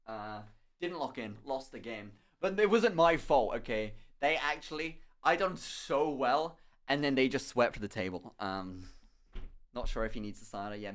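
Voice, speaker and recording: A young man from Somerset, a streamer chatting casually while he paints, telling stories excitably with lots of swearing and laughter. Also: mid-range voice. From Somerset, England. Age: young adult.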